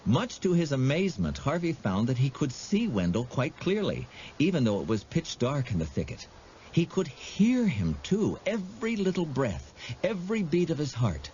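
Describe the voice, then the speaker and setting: A man narrating an audiobook in a dramatic, expressive storytelling manner. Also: on the high side, moderate pace, highs cut off, a little hiss or hum.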